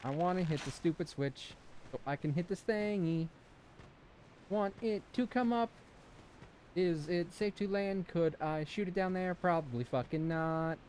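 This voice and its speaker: A man's voice: sits high, measured pace, a little mellow, slight background noise. A young man from Southern California giving casual, joking let's-play commentary, swearing and bantering with chat. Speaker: gaming streamer.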